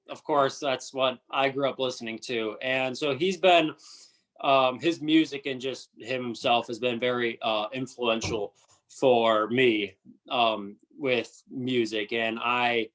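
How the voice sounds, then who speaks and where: A man's voice: medium pitch, fairly bright tone. A young man, a country singer, chatting casually as an interview guest, hesitant and full of fillers and restarts.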